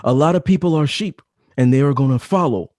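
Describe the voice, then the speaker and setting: A man's voice: fairly high pitch, a little fast, darkish tone, no echo, clean studio sound. A man in his thirties, a podcast guest talking casually, with emphatic, repetitive advice-giving. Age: 30s. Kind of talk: casual chat.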